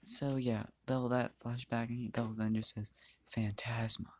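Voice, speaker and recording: A man's voice: mid-range voice, level tone, fairly quick, a little mellow, a little hiss or hum. A man casually narrating a fan-made story, rambling, restarting lines and swearing freely.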